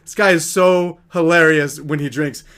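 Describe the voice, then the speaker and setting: A man's voice: fairly high pitch, steady tone, normal speed, a bit bright, smooth. A young man telling a rambling, slangy storytime anecdote on his vlog. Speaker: vlogger.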